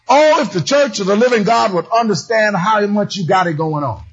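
A man preaching a sermon, animated and storytelling, shouting and half-singing his lines. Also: high voice, normal speed, husky. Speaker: pastor. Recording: dull lo-fi sound.

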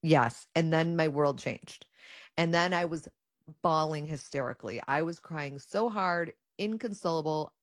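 Low-voiced woman telling her story. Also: measured pace, no echo, studio quality. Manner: animated, acts out her own and others' quoted words. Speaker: guest sharing her cancer story. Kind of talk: casual personal storytelling.

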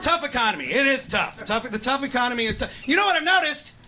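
A man's voice: very high-pitched, lively intonation, fast talker, over loud music. A man doing stand-up with a punchy, emphatic delivery. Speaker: stand-up comedian. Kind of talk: stand-up set. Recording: live club with loud crowd.

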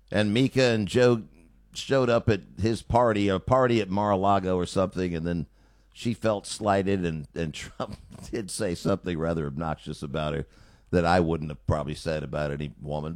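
A male talk radio host delivers a sarcastic, opinionated monologue. His pitch moves in a lively way. The studio sound is close and dry. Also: normal speed, dry recording. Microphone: studio mic.

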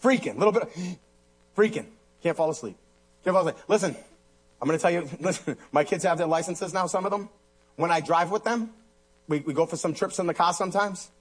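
A middle-aged man preaches a radio sermon in a notably high voice. He drops to a hush, then bursts into shouts. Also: fairly quick, breathy edge. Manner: animated, swings from hushed to shouting. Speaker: pastor.

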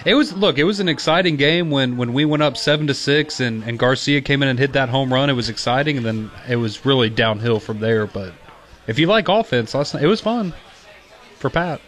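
A man's voice: medium pitch, animated, brisk, fairly bright tone. A man co-hosting a sports talk radio show, making dry, wry remarks. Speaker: radio co-host. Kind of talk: casual radio banter.

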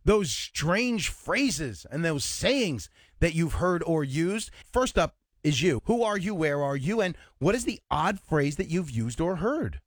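A man's voice: on the high side, very animated, unhurried, no echo, studio quality. A man co-hosting a call-in radio show, chatting casually and laughing along with callers.

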